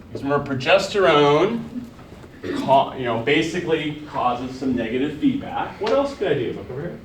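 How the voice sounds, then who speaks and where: A man's voice: a little high, lively intonation, moderate pace, distant mic, background noise. A man teaching a college biology class, lecturing casually and firing questions at his students. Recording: echoey classroom recorded from afar.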